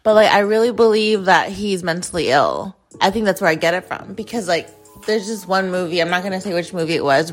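A woman's voice: lowish voice, a bit bright. A young woman from Phoenix hosting a podcast, telling a personal story in a blunt, profane way with lots of "like". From Phoenix, USA. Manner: blunt and profane, heavy use of "like". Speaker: podcast host. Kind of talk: casual storytelling monologue.

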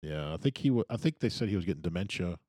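A man's voice: deep voice, animated, racing, dark tone, slightly rough, dry recording, studio quality. A man in casual chat, matter-of-fact and full of trivia.

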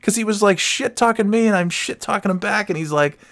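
A man's voice: high voice, fairly quick, a bit bright. A man telling a casual personal story, rambling with many restarts and swearing freely with self-mocking humor.

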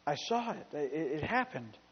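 A male pastor preaching a sermon in a church, telling stories in an animated way and repeating phrases for emphasis. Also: on the high side, unhurried. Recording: reverberant hall, dull sound.

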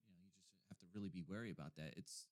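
A man's voice: sits low, racing, a little mellow, dry recording. A man hosting a casual podcast chat, laid-back, often ending lines with "man". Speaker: podcast host.

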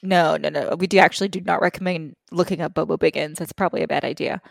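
A woman co-hosting a podcast in casual, animated chat, giggling often. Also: sits low, vocal fry, no room sound, studio quality. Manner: animated, giggly, quick asides. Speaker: podcast co-host.

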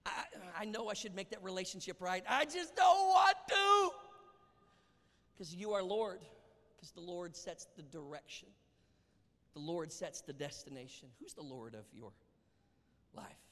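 Preacher, male, lively sermon delivery with acted dialogue and whispers, higher-pitched, reverberant church hall. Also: moderate pace. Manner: animated, acts out Bible dialogue, drops to whispers. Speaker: pastor. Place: church sanctuary.

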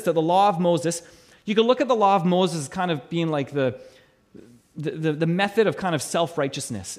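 A male pastor preaches a sermon in a high voice, emphatically repeating key phrases to press his points. His voice swells on key lines and drops low to a hush for weight on grave ones, and he often restarts with stammered repeats.

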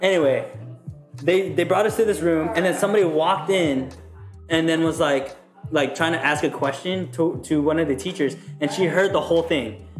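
A young man from Texas with a somewhat high voice spins an animated, profane story on a casual podcast. The room around him rings with noticeable echo. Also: moderate pace, over music. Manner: animated storyteller, swears freely. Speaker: podcast co-host. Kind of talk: casual chat. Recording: echoey room.

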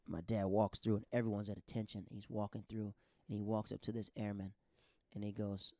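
A man hosting a podcast, telling stories in a casual, animated, slangy way and acting out the quotes. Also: on the low side, brisk, dry recording, studio quality. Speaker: podcast host. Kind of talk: casual storytelling.

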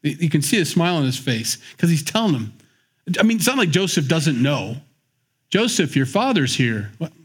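A man's voice: on the high side, a little fast, slightly rough. A man teaching the Bible in a conversational, joking way, acting out the scenes as he goes. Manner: animated, joking storyteller who acts out the scenes.

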